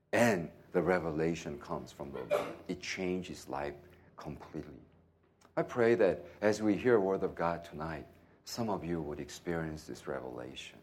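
A pastor preaching a sermon, telling a story with lots of laughter and acted-out dialogue. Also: male voice, low-pitched. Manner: animated, laughing often, acts out dialogue.

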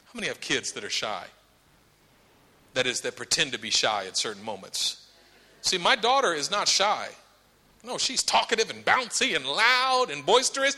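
A man's voice: on the high side, moderate pace. A man preaching a sermon in a church, telling a story with humor and acting out voices. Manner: animated, acts out voices, humorous asides. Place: church sanctuary. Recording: long hall reverb.

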